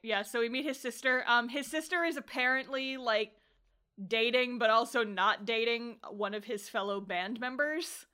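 A woman's voice: fairly high pitch, normal speed, bright, forceful tone, smooth. A woman co-hosting a podcast, casually recapping an anime episode, laughing often and swearing as she acts out the characters' lines. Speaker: podcast co-host.

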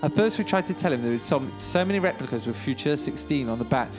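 A man's voice: medium pitch, animated, fast, over music. A man co-hosting a podcast, reading a story aloud with wry, self-deprecating asides. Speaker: podcast co-host reading a memoir.

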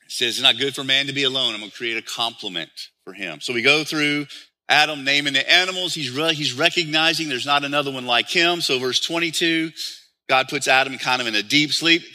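A man's voice: a little high, pushed and bright. A man preaching a sermon as pastor, explaining scripture and often turning to the listeners with rhetorical questions.

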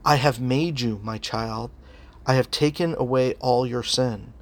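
A man speaking as a gentle, affirming Jesus. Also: mid-range voice, steady tone, a little slow, close to an everyday voice. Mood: tender.

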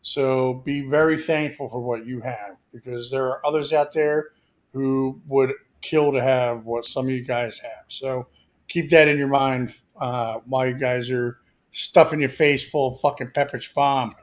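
A man's voice: medium pitch, steady tone, unhurried. A man from Philadelphia co-hosting a podcast, signing off in crude, joking casual chat full of swearing. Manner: swearing, joking, loose sign-off. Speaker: podcast co-host.

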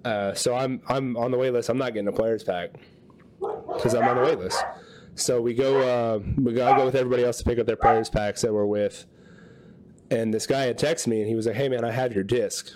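A man's voice: mid-range voice, brisk, very noisy. A man co-hosting a podcast, telling a long story in casual chat and acting out what people said. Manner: animated storyteller acting out quotes. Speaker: podcast co-host.

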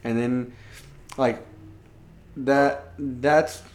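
A man's voice: mid-range voice, fairly even intonation, very slow, darkish tone. A man in casual conversation, rambling with many restarts and asking "you get me?" as he goes. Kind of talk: casual chat.

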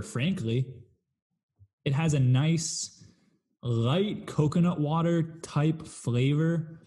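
Easygoing male co-host with a mellow tone and dry humor. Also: on the high side. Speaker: podcast co-host. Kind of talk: casual chat.

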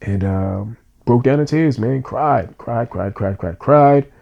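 A man's voice: mid-range voice, slow pace, vocal fry, lo-fi sound. Man, podcast co-host; earnest, emotional storyteller, casual slangy delivery. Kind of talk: heartfelt personal storytelling.

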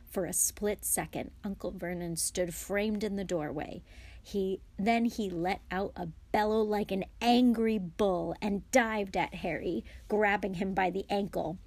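Lady reading a kids' book out loud, mid pitch, whispers and shouts for the characters. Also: fairly even intonation, measured pace, no room sound. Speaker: guest reader. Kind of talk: reading a children's novel aloud.

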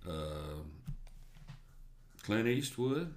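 A man's voice: lowish voice, big pitch swings, very slow, a little mellow. A man, chatting in a laid-back way with short replies and chuckles. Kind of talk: casual chat. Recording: noisy background.

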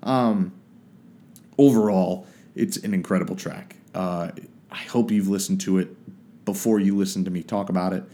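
Guy with a deep mellow voice rambling about a song, lots of ums. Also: steady tone, moderate pace. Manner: hesitant, searching for words, many fillers. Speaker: music reviewer. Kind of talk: casual spoken song review.

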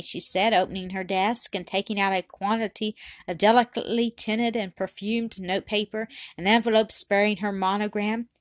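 A woman narrating a classic story as an audiobook, reading in an even, unhurried way. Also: mid-range voice, dry recording.

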